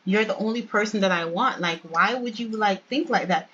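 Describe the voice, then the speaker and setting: A woman's voice: mid-range voice, moderate pace, fairly bright tone, husky, muffled recording. A woman voicing a young woman in a life-sim game who brushes off her boyfriend's jealousy. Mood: soothing. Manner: breezy, brushing off complaints. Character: young woman, dismissive and reassuring girlfriend.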